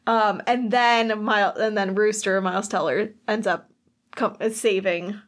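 A woman's voice: medium pitch, fairly even intonation, unhurried. A woman co-hosting a podcast, chatting easily about a movie, laughing often and trailing off mid-thought. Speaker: podcast co-host. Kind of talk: casual movie chat.

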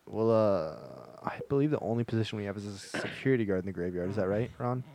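A man's voice: lowish voice, darkish tone, dry recording, close to an everyday voice. A man playing a job interviewer in an improvised comedy skit, firing off scenarios and sliding into profane rants. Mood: probing. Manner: rapid, profane, escalating rants. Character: fast-talking male job interviewer, quick to lose temper.

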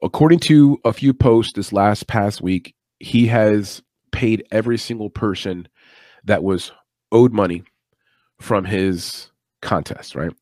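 A man's voice: fairly low pitch, takes it slowly, darkish tone, no echo, studio quality. A man hosting a late-night MMA podcast, talking in a chatty, opinionated, rambling way with asides. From United States East Coast. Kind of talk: casual live-stream commentary.

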